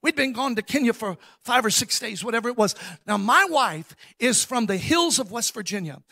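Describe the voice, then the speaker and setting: A man preaching a sermon as a guest preacher, telling stories emphatically with bursts of shouting and quick asides. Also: very high voice, expressive, vocal fry, dry recording.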